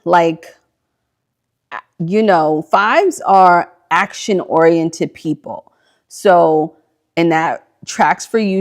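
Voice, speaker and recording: A woman hosting a casual spiritual livestream, answering viewer questions in a bubbly, gushing way with many likes and ums, on a computer mic. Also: lowish voice. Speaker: host of live spiritual Q&A stream.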